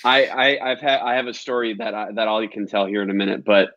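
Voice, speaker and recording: A man's voice: lowish voice, fairly quick, a bit bright, dull audio. A man hosting a podcast conversation, blunt and encouraging, swearing casually. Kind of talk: conversational interview.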